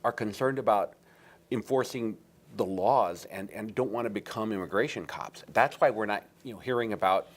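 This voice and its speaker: A man appearing as a guest on a political talk show, explaining his position at length in a deliberate way. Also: lowish voice. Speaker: guest commentator.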